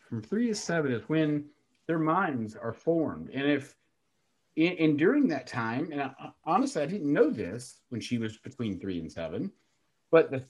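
A man's voice: fairly high pitch, a little mellow, slightly rough. A man hosting a casual podcast conversation, speaking in an earnest, reflective way. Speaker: podcast host.

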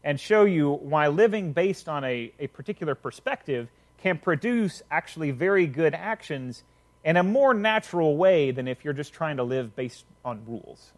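A man with a slightly high voice preaches a casual sermon, retelling a parable conversationally and checking in with listeners often.

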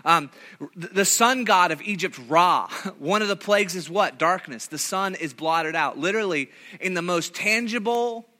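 A man preaching in a bright, high voice. He tells the story with animation, acts out the voices he quotes and often restarts his phrases. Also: lively intonation, normal speed. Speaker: pastor. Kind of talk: sermon.

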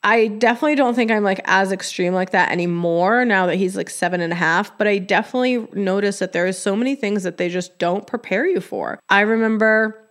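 A woman hosting a podcast in casual chat, candid and expressive, with her talk full of "like". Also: mid-range voice, brisk, few pauses. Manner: chatty, heavy use of "like". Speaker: podcast host.

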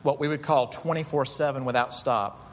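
A man preaching a sermon as pastor, emphatic, rising to high bursts on key words. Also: fairly even intonation, normal speed, in a large hall, a little hiss or hum.

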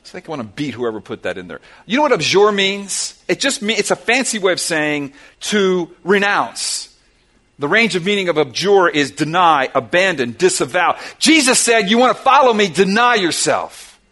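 A man's voice: sits high, big pitch swings, moderate pace, pushed and bright. A middle-aged man preaching a sermon to his church, impassioned and emphatic, driving points home through repetition. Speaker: pastor.

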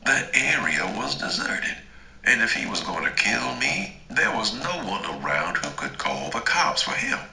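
A man narrating a first-person story in a slow, dramatic, deliberate way. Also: lowish voice, big pitch swings, vocal fry, sharp tone, reverberant, slight background noise, poor audio. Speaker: audiobook narrator.

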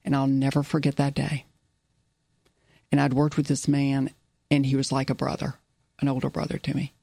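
Earnest woman with a gravelly, flat voice. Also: rumbling low, normal speed, no echo, clean studio sound. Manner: earnest, repeats key phrases. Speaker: business owner guest. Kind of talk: personal storytelling interview.

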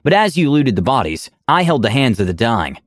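A man voicing a calm, cold-eyed gentleman lizardfolk with a silky, measured voice. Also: medium pitch, dry recording, studio quality. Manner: measured, quietly menacing.

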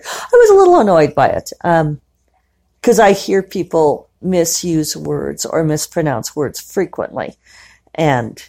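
Woman host, casual diary podcast, chatty and rambling, a touch low in pitch, recorded at home. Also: darkish tone. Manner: chatty, rambling, quick to laugh. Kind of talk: casual diary-style monologue. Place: living room at home.

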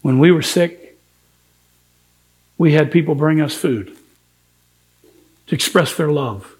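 A man's voice: fairly high pitch, takes it slowly, a little mellow. A man preaching a sermon as pastor, earnest and emphatic, acting out the words of biblical figures in quotes.

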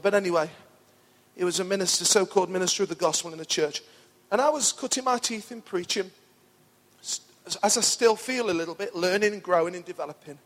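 A middle-aged pastor preaching an enthusiastic, pumped-up sermon in a church hall. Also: male voice, high voice, fairly quick, a bit bright.

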